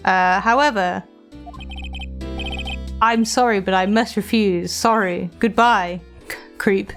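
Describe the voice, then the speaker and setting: A woman's voice: medium pitch, slow pace. A woman voicing a pompous, evasive older male lawyer from a video game, stammering out excuses, with faint game music behind her. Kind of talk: reading game dialogue aloud.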